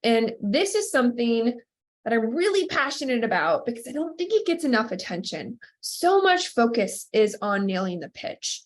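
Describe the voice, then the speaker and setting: A woman's voice: a little high, very animated, normal speed. A woman in her thirties hosting a podcast, sounding nasal and stuffed up from a cold, giving upbeat coaching tips. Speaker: podcast host. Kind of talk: scripted intro, then casual solo talk.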